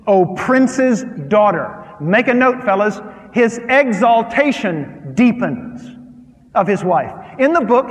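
A middle-aged male pastor preaching a sermon, swinging from loud emphatic lines to quiet, hushed storytelling. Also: a little high. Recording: long reverb of a large hall.

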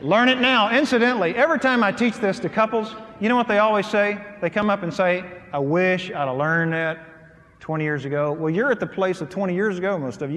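A middle-aged man preaching a humorous sermon, acting out his stories in an animated, folksy way. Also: high-pitched. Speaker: pastor. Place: large hall with audience. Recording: hall reverb with faint ambience.

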